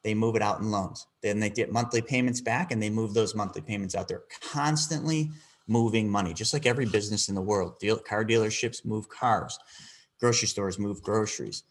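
A man who works as a financial advisor answers an interview question with a story, acting out the dialogue in an animated way. His voice is on the low side and a little fast.

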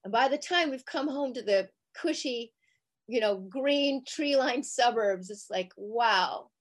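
A middle-aged woman guest telling a story in a casual interview, animated and chatty with many fillers. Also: a little high, slow. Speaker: interview guest, actress and charity founder.

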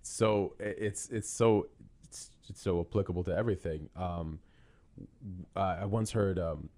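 A man hosts a podcast in a low voice and tells animated stories. He laughs often and puts on the voices of the people he quotes. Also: a little slow. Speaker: podcast host. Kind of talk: conversational podcast interview.

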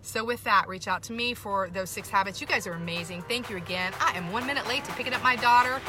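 A woman's voice: mid-range voice, quick pace, pushed and bright, soft background music. A middle-aged woman hosting a podcast, talking casually and emphatically to her listeners and repeating her key points. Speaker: podcast host.

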